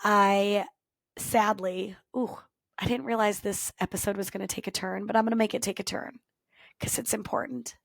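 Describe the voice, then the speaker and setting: A woman podcast host and culture coach telling a personal story in an earnest, reflective way, with thoughtful pauses. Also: mid-range voice, fairly even intonation, creaky, no echo, studio quality. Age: former teacher, adult.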